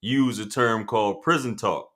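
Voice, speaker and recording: Male host, deep and calm, asks short questions. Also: moderate pace. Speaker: interview host. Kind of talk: casual conversational interview.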